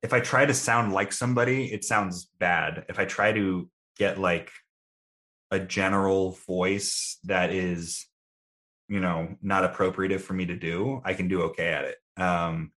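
Deep-voiced young man, easygoing. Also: fairly even intonation, measured pace, fairly bright tone. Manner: easygoing, thoughtful, self-deprecating. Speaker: guest. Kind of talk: casual interview answers.

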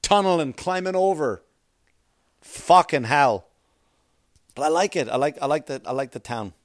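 A man's voice: fairly high pitch, moderate pace, dry recording, studio quality. A man doing a rambling, profane stand-up comedy routine full of conversational asides.

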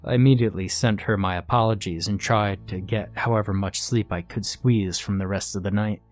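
A man narrating a first-person horror story in a tense, measured, scripted way. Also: fairly low pitch, steady tone.

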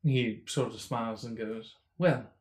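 A man running a tabletop role-playing game as game master, narrating in a relaxed, halting way with frequent fillers. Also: medium pitch.

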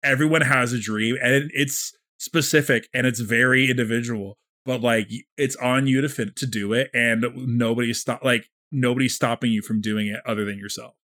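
A man co-hosting a casual podcast, full of enthusiasm and peppering his talk with "like". His pitch is in the middle range for a man. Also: fairly even intonation, normal speed, few pauses, pushed and bright. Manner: enthusiastic, with many filler "like"s. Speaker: podcast co-host. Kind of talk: casual chat.

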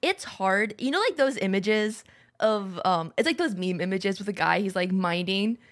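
A young woman co-hosting a podcast, relaxed and reflective in casual chat. Her voice sits at an ordinary pitch, and she agrees readily with her partner. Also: moderate pace. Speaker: podcast co-host.

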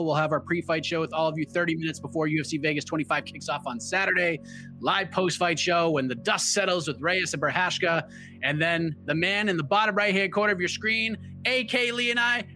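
Man, podcast host, high bright voice, upbeat announcer delivery, faint music. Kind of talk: live show hosting.

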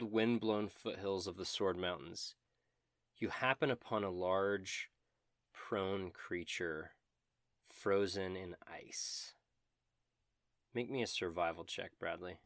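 A man runs a tabletop game, reading out scenes slowly and descriptively. His voice sits fairly low and sounds dry and close, with no room around it. He drops playful asides between the descriptions. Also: no room sound. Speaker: game master.

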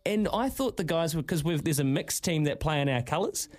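Animated man telling a story on radio. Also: fairly high pitch, brisk. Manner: animated storytelling, acts out quotes in a raised voice. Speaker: radio host. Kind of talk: casual breakfast radio banter.

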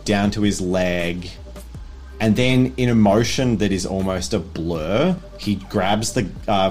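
A man acting as game master, narrating a tabletop game in a casual, vivid way with lots of fillers. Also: deep voice.

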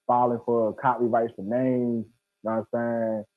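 A man in his twenties speaking as an interview guest, slangy, slow and earnest. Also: mid-range voice, level tone, phone-quality sound, a crowd in the background. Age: 20s. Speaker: guest, nonprofit founder. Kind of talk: casual interview.

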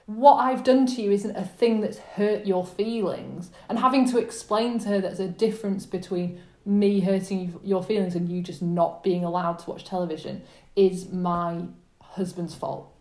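A woman guest on a podcast, telling stories in a self-deprecating, animated way over a remote call. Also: medium pitch, normal speed, echoey room. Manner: self-deprecating, animated, quotes people in mock voices. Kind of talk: casual interview chat, storytelling.

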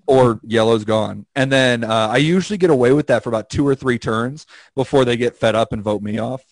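A man's voice: normal speed, no room sound. A man co-hosting a podcast in casual chat, telling stories and acting out the quotes with big swings in his voice. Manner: animated storyteller, acts out quotes with jumps in pitch. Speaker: podcast co-host.

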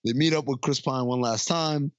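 A man's voice: medium pitch, moderate pace, no room sound, muffled recording. A man co-hosting a podcast, casually recapping a film scene by scene and quoting its lines. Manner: retells scenes with quoted lines, frequent restarts. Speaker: podcast co-host. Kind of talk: casual movie recap chat.

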